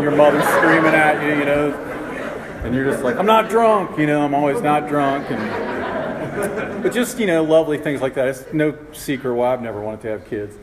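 A man's voice: on the high side, heavy background noise. A man in his fifties telling his own recovery story to a group, rambling and self-mocking, with lots of "you know" fillers. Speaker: speaker sharing his story. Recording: reverberant hall with faint ambience.

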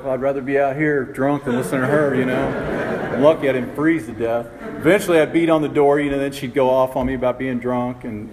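Sharing his recovery story with a group, a man in his fifties rambles, mocks himself, and keeps saying "you know." He speaks at medium pitch, with a little hiss or hum on the recording. Faint ambience hangs in the reverberant hall.

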